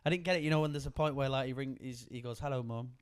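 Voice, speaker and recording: A man's voice: mid-range voice, very fast, clear, resonant tone, dry recording, studio quality. A man from Manchester co-hosting a film podcast, talking in a laid-back way. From Manchester, England. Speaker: podcast co-host. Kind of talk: casual chat.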